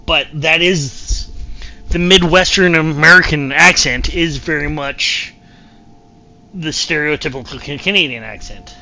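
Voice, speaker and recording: Bright-voiced chatty male streamer. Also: on the high side, unhurried. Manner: rambling, repeats himself, chatty. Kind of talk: casual gameplay chat.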